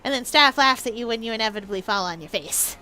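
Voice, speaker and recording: Bubbly high-voiced woman streamer. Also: quick pace, clear, resonant tone. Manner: bubbly, playful, animated. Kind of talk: casual live stream chat.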